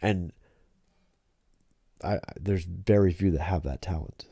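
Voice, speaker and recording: A man's voice: low voice, a little slow, vocal fry, warm tone, husky, dry recording, studio quality. A middle-aged man hosting a casual podcast chat with his daughter, often stumbling and repeating words as he starts a thought. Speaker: podcast host.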